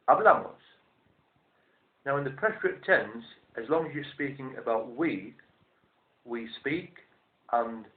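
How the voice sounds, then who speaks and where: A man teaching a language lesson, explaining step by step in a measured, methodical way and repeating each form slowly. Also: mid-range voice. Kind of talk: instructional explanation. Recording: roomy, tinny phone-like sound.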